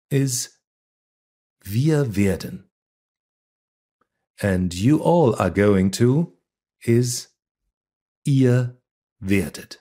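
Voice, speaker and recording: A man teaching a beginner language lesson, reading example words and sentences one at a time in a deliberate, scripted way. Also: mid-range voice, dark tone.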